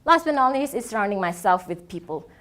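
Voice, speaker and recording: Young woman, non-native English speaker, student keynote, earnest and lively delivery, mid-range voice. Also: mid-range voice, brisk. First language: not English. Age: young adult. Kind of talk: prepared presentation. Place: event stage.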